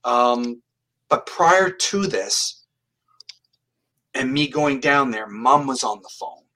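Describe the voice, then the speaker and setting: A man's voice: mid-range voice, animated, slow, bright, forceful tone, low-quality recording. Earnest, plain-spoken man telling stories. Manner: earnest, plain-spoken, restarts his phrases. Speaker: psychic medium guest. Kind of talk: storytelling in an interview.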